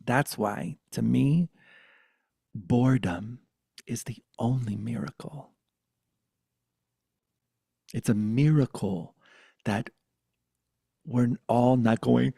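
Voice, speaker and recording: A man as a spiritual teacher giving a satsang talk, telling stories intimately and often dropping to a hushed whisper. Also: mid-range voice, takes it slowly, gravelly, long pauses, husky, no echo.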